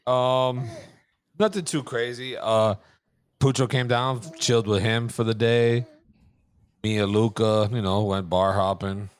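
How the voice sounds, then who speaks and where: A man's voice: medium pitch, fairly even intonation, measured pace. A man co-hosting a podcast, a father telling funny everyday stories in a casual, profane way. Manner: storytelling, profane, laughing easily. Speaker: podcast co-host. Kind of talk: casual chat.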